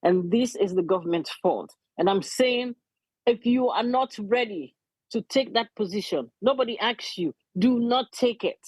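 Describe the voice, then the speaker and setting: A woman's voice: medium pitch, expressive, moderate pace, darkish tone, slightly rough, dry recording, low-quality recording. A middle-aged woman, speaking earnestly and emotionally as a community advocate, repeating her key points. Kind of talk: impassioned interview testimony.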